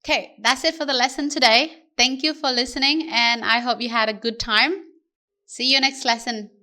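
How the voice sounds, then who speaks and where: A woman's voice: fairly high pitch, fairly even intonation, moderate pace, bright, forceful tone. A woman teaching a language lesson, explaining carefully and asking rhetorical questions along the way.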